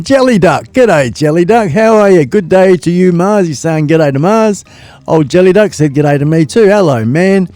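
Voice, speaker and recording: An Australian man hosting a casual live stream from his home studio, rambling and excitable, with whoops and laughs. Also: mid-range voice, no room sound. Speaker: livestream host.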